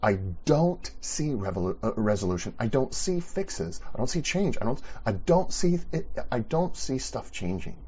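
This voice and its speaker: A low, husky male voice delivering a sermon in an earnest, conversational manner, circling back and restarting as he goes. The recording sounds somewhat dull and lo-fi. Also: darkish tone. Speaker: pastor.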